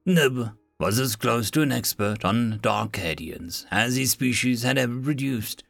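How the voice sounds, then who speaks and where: Gravelly man narrating a comedic story. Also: medium pitch, a little slow, fairly bright tone, dry recording. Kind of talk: scripted narration. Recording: dry close mic, faint music.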